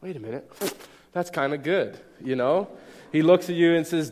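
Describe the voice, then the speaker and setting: A young pastor preaches a sermon in a relaxed, conversational way, repeatedly checking that his listeners are following. His fairly high voice moves at a moderate pace and carries a long reverb from a large, echoey hall.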